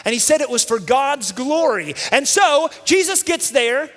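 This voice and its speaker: A man telling a Bible story to children in lively style, energetically calling for the audience to answer back. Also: extremely high pitch, measured pace. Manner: energetic, calls out for audience responses. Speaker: children's minister. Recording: long reverb from a large hall.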